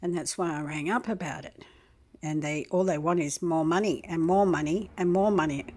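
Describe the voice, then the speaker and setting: A woman in her sixties, rambling through a complaint to the camera and clearing her throat often. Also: sits low, moderate pace, darkish tone. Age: 60s.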